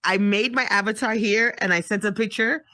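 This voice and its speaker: A woman's voice: medium pitch, steady tone, normal speed, pushed and bright, no room sound. A middle-aged woman chatting casually as a guest, full of "you know" fillers. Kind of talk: casual chat.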